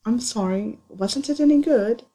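A woman voicing an eager, earnest young male wizard, a little higher than her narration, in a storybook reading. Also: measured pace, mellow, slightly rough.

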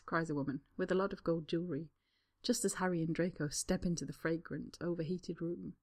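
A woman narrating a fan story as an audiobook. Her reading voice is soft and unhurried, sometimes dropping almost to a whisper. It sits slightly low. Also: fairly even intonation.

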